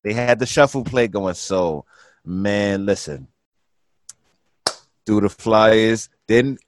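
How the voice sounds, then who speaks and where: A man's voice: on the low side, takes it slowly, pauses often, no echo. A man in his thirties, once a party promoter, reminiscing in casual chat, laid-back and drawn out, saying "listen, man" often.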